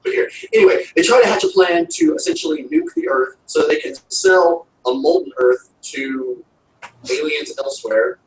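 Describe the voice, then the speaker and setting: A man's voice: on the high side, animated, moderate pace. A man giving a rambling, casual recap of a TV episode, full of fillers. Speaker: show reviewer. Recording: roomy, distant mic with faint noise.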